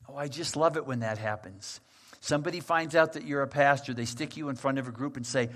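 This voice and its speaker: A man preaching a sermon as a pastor, retelling a scripture passage with lively, animated storytelling and voicing its characters. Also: medium pitch, fairly quick.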